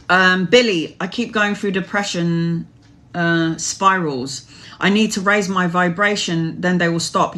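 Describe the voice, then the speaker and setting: A woman's voice: fairly low pitch, fairly bright tone. Earnest woman giving spiritual advice. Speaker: tarot reader answering live chat questions. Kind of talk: casual live-stream chat. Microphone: phone or webcam live stream.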